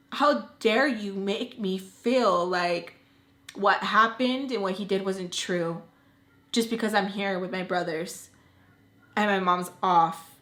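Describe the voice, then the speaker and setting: A young woman vlogger telling a personal story in a casual, animated, blunt way, swearing freely. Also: mid-range voice. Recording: echoey room.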